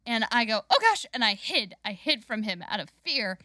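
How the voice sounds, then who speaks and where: Bright-voiced woman telling a funny story. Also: a little high, moderate pace, no echo. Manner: animated, laughing storyteller. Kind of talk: casual storytelling.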